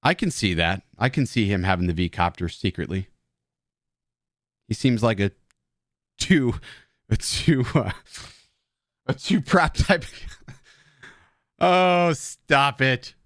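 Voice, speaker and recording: A man's voice: mid-range voice, lively intonation, takes it slowly, pauses often, fairly bright tone, dry recording. Joking, swearing man, dry close sound. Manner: rambling, joking, profane banter with chat; drinking beer while talking. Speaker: live stream host. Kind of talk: casual live stream chat.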